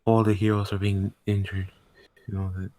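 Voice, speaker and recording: Young guy, lowish voice, dry close sound, loud quick interjections in a casual chat. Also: little pitch movement, no room sound. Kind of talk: casual chat, listener chiming in.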